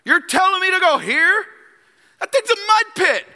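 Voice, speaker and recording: A preacher voicing a proud, indignant commander. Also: male voice, very high-pitched, lively intonation, pushed and bright, big-room sound, voice pushed up, heavily acted. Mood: scornful. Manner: scornful and affronted, rapid complaints.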